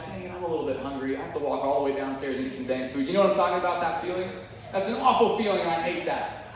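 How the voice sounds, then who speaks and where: A man's voice: sits high, a little hiss or hum. A man giving a playful, jokey youth sermon and talking back and forth with his audience. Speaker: youth pastor. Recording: echoey hall picked up from far off.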